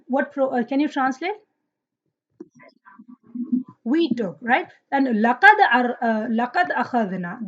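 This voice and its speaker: High-voiced woman teaching Arabic grammar. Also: a bit bright. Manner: asks students questions, praises answers; recites Quranic verses in Arabic. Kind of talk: online class teaching. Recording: dull lo-fi audio.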